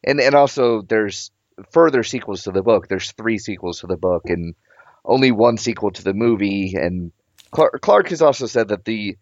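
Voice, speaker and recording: A man's voice: on the low side, animated, moderate pace, dry recording. A man in a casual chat, laying out nerdy detail in an explanatory way. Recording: dull, lo-fi mic.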